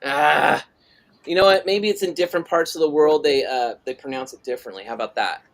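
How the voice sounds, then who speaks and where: A man's voice: on the high side, a little fast, creaky, fairly bright tone. A middle-aged man hosting a live drawing stream, chatting casually and reading out viewer messages. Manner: rambling, reads chat messages aloud. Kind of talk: casual chat while drawing.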